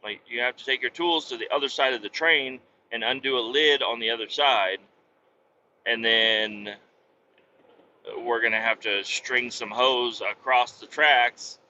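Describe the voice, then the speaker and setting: Guy with a real sharp bright voice just venting about work, cussing, keeps restarting, kinda dull muffled audio. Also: mid-range voice, unhurried. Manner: blunt, swears freely, rambling with many restarts. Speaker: podcast host telling a work story. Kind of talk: casual storytelling monologue. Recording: dull lo-fi sound with faint vehicle hum.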